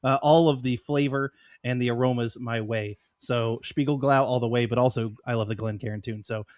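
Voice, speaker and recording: A man's voice: medium pitch, steady tone, normal speed, darkish tone, no room sound, clean studio sound. A man from Georgia chatting enthusiastically as a podcast guest, nerding out on the details. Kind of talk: casual chat.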